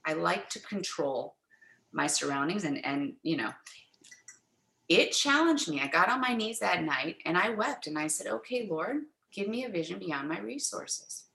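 A middle-aged woman, a guest in an interview, telling a personal faith story in an animated way and acting out the quoted dialogue. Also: on the low side, normal speed, vocal fry, echoey room, poor audio.

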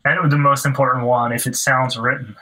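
A man with a bright, forward voice, talking through his points loosely in a podcast chat. He leans on fillers like "you know" and "like" and restarts his sentences often. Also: mid-range voice, flat delivery, fairly quick, rough recording. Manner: loose, filler-heavy explaining. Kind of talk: casual podcast discussion.

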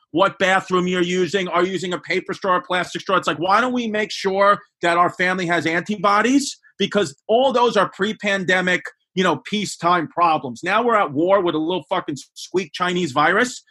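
A forceful, fairly high-voiced man in his forties chats on a comedy podcast. His tone is husky and a little rough, and he rambles through crude stories. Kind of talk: casual podcast chat.

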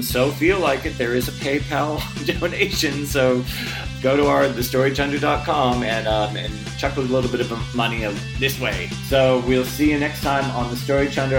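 A podcast host giving a casual closing, with ums and uhs. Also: medium pitch. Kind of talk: podcast outro. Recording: guitar music behind.

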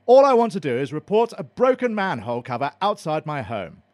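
A man's voice: fairly high pitch, big pitch swings, brisk, dry recording. Fussy, sarcastic man. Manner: prim, sarcastic, muttering to himself. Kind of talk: comedy audio drama.

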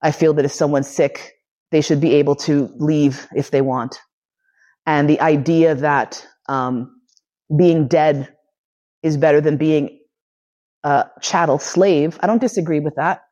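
Low-voiced woman telling blunt stories. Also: moderate pace, a little mellow, dull audio. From United States. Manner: candid, profane, emotionally charged. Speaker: lecturer and podcast host. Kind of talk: personal storytelling lecture.

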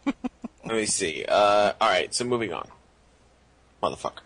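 Lively, bright-voiced man on a casual podcast. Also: lowish voice, a little slow. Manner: profane, animated storytelling with acted-out dialogue. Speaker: podcast host. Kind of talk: casual chat.

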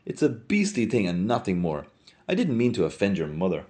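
A man voicing a brash, mocking young man who teases loudly and theatrically in a storybook reading. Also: on the low side, wildly swooping pitch, fairly quick. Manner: loud, teasing, theatrical.

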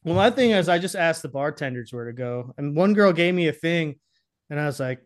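Male co-host, high voice, crude joker, lingering cough. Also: fast. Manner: crude, profane, joking. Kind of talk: casual chat.

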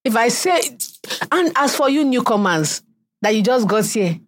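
A young Nigerian woman with a Nigerian accent co-hosting a podcast in casual chat, animated and mocking others' answers in put-on voices. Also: a little high, normal speed, no echo. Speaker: podcast co-host.

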